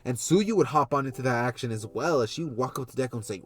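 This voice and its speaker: A man's voice: medium pitch, animated, quick pace. A man casually narrating a fan story, rambling with many fillers and loose links.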